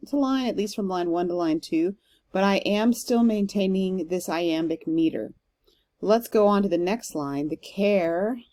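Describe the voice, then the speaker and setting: A woman's voice: lowish voice, warm tone, a little hiss or hum. A woman teacher giving a recorded lecture, explaining step by step with some fillers and reading verse aloud with strong stress. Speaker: literature teacher.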